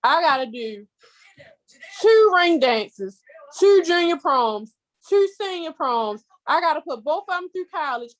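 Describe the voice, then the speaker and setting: A woman in her thirties talks as a guest in a relaxed interview, her voice sitting high. She tells her story with feeling and acts out what others said to her. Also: measured pace, rough recording. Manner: emotional, expressive storytelling with quoted asides. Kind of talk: casual conversational interview.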